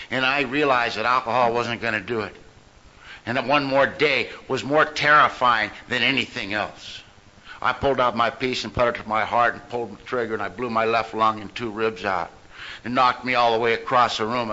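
Forceful storytelling man at a meeting. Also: medium pitch. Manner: emphatic, humorous storytelling. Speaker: speaker at a recovery meeting. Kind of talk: personal recovery testimony. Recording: dull lo-fi recording with faint noise.

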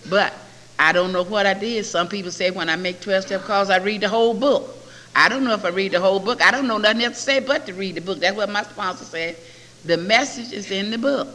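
An older woman giving a personal testimony at a recovery meeting, telling her story in a lively, animated way. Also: mid-range voice, quick pace. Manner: storytelling, quotes others in lively voices. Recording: echoey hall with faint hiss.

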